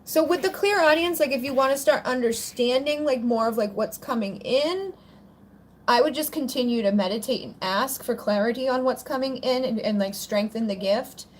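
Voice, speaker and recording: Chatty high-voiced woman hosting a spiritual Q&A. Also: moderate pace, a little hiss or hum. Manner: chatty and rambling, full of "like" fillers. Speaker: spiritual channel host answering viewer questions. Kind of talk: casual livestream Q&A.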